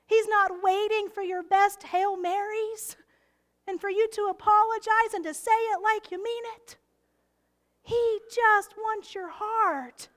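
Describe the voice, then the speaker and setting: A woman preaching a heartfelt sermon, slow and emphatic, often dropping to a soft whisper. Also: very high-pitched.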